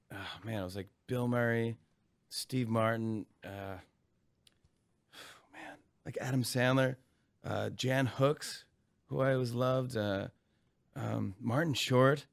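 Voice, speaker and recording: A man in his forties, a comedian guest in an interview, telling animated stories, acting out voices and laughing often. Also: mid-range voice, slow, creaky, long pauses. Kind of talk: casual interview chat.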